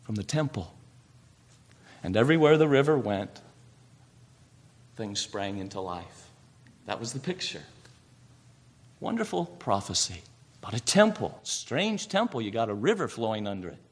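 A man's voice: on the low side, big pitch swings, moderate pace, pauses often, slightly rough. A man preaching a sermon, asking rhetorical questions and answering them himself.

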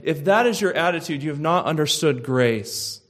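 A man preaching a sermon slowly and emphatically, building to loud, impassioned peaks. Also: fairly high pitch, lively intonation.

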